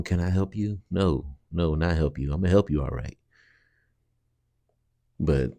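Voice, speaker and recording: Very deep, dark-voiced male commentator. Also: no room sound. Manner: earnest, rambling, talks directly to viewers. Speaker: channel host. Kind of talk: casual video commentary.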